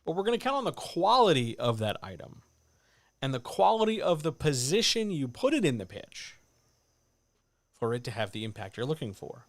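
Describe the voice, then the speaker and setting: A man coaching writers in a livestreamed talk, animated and addressing listeners directly, with muttered asides to himself. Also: fairly high pitch, moderate pace, no echo. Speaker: writing coach. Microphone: desk microphone.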